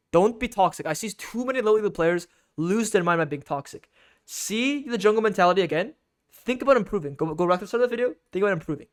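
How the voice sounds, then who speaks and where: A man giving an instructional game guide as a coach, emphatic and repetitive, often checking in with "okay?". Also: sits high.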